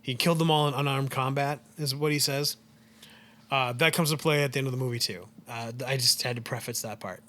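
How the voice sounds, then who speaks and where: Speaking at a medium pitch and a slightly quick pace, this man sounds bright and forceful. He co-hosts a podcast and casually retells a film's plot, rambling along with plenty of "like" and "um."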